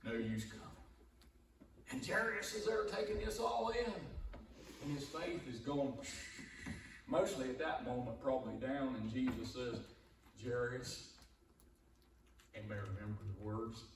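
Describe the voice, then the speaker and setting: Slow-preaching man in an echoey church. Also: medium pitch. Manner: slow, conversational preaching with rising emphasis on quotes. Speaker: pastor. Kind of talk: sermon. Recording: echoey hall, distant mic, room noise.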